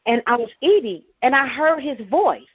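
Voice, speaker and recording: Excited woman caller with a high voice, gushing story, muffled lo-fi phone line. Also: normal speed, breathy edge, dry recording. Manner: excited, gushing, repeats herself. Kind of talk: excited call-in chat.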